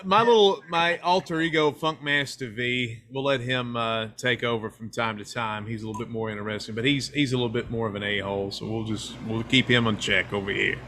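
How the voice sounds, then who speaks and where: A man's voice: mid-range voice, steady tone, fairly quick, hardly any pauses, bright, forceful tone, a little hiss or hum. A man from Knoxville, Tennessee, chatting as a podcast guest in a rambling, self-deprecating, joking way. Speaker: guest filmmaker. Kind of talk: casual interview chat.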